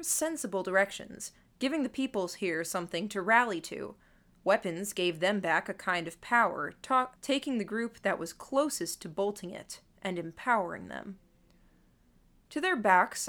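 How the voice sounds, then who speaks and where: A woman's voice: mid-range voice, expressive, a bit bright. Woman narrating an audiobook wryly. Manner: measured, wry, observant. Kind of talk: first-person audiobook narration.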